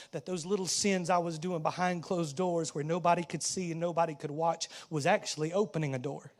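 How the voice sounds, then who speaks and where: A man with a Southern US accent preaching a dramatic first-person sermon monologue in church, swinging between hushed asides and shouting. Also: fairly high pitch. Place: church sanctuary.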